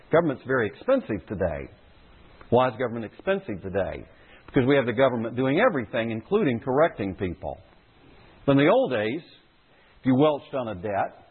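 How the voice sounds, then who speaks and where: Pastor, male, husky voice, lively sermon delivery, tinny phone-like recording. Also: medium pitch. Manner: emphatic, repeats key phrases for stress.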